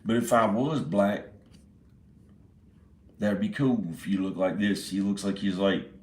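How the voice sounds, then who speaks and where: A man in his forties talks at a slow, unhurried pace in a fairly low voice, rambling from thought to thought. He breaks into laughter and swears freely as he goes. The sound is roomy, with the voice echoing off the walls. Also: steady tone, a little mellow. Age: 40s. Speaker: indie filmmaker. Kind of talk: rambling casual monologue. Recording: roomy echo.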